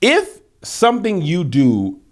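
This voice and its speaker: Podcast co-host, man, lively pitch, careful and animated. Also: slow. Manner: animated, careful with words, frequent restarts. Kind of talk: casual chat.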